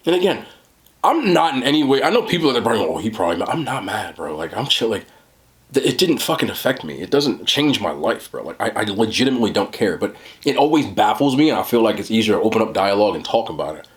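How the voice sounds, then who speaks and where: A young man rambling in casual talk while eating on camera, swearing and saying "bro" a lot. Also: fast talker. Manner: animated, swings from low mutter to high laughing jabs. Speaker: mukbang creator.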